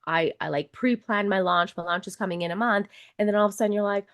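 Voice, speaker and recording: This woman, in her twenties or thirties, works as a coach and nurse and is being interviewed on a podcast. Medium-pitched and fast, she chats animatedly, swears without restraint and voices what people are thinking inside.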